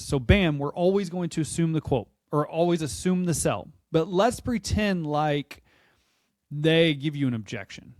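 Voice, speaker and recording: A man coaching salespeople with an energetic, punchy delivery, acting out calls to customers as he teaches. His voice sits somewhat high for a man. The sound is dry and close, with no room around it. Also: no room sound. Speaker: sales trainer.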